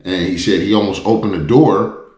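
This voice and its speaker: A man's voice: low-pitched, steady tone, moderate pace, a little mellow, reverberant, voice pushed up, lightly acted. A man voicing a frantic, breathless man with a Chicago accent, retelling a panicked stranger's words. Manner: breathless, urgent.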